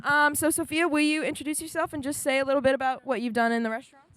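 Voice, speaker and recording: A woman from Colorado and Miami co-hosting a podcast, bubbly and quick to laugh. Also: high voice, flat delivery, fairly bright tone. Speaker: podcast co-host. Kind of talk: casual chat.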